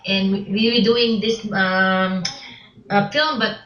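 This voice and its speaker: A woman being interviewed about her film work, speaking haltingly with many restarts and broken grammar. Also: mid-range voice, steady tone, fairly bright tone. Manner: halting, repeats words, non-native English grammar. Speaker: interview guest, filmmaker. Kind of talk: casual interview. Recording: roomy, dull lo-fi sound.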